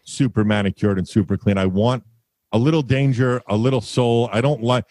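A man's voice: medium pitch, normal speed, a little mellow, no echo. A man as a podcast guest, telling stories in a laid-back, rambling way with fillers. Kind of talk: casual chat, storytelling.

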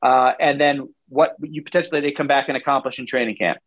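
A man's voice: mid-range voice, fairly even intonation, fast talker, dull audio. A man in his forties, a former player now analyzing football in casual talk, rambling animatedly and acting out what coaches would say.

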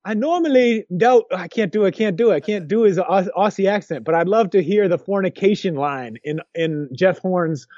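A man co-hosting a podcast, talking in a lively, joking way with many restarts. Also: sits high, moderate pace, hardly any pauses, no room sound, dull audio. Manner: animated, jokey, restarts often. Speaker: podcast co-host. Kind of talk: casual chat.

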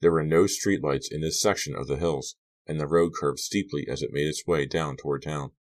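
Very deep-voiced male audiobook narrator. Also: moderate pace.

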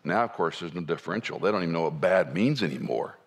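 Low-voiced man preaching conversationally. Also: expressive, fast. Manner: conversational, wide swings between soft and emphatic. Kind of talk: sermon.

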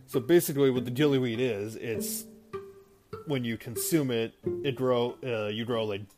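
A man's voice: mid-range voice, normal speed. A man casually recapping a film for a video, rambling with many fillers and asides. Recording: guitar music playing behind.

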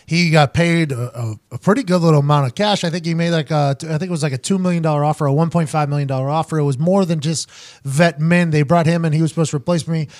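A man in his thirties, a podcast host and former punter, telling stories in a loose, profane, animated way. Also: on the high side, fast. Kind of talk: casual storytelling chat.

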